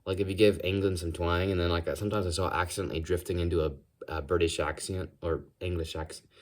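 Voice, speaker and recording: A man with an American accent talks in a loose, rambling ASMR monologue, his voice sitting fairly low. He keeps slipping in and out of put-on accents and odd voices, with a touch of vocal fry. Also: little pitch movement, fast talker.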